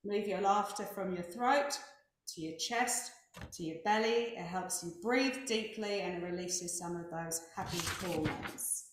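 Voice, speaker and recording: A woman's voice: fairly low pitch, unhurried, slight background noise. A woman facilitating a laughter wellness session over a video call, giving encouraging step-by-step cues for breathing and laughing. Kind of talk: guided group exercise instruction. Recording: very echoey online call.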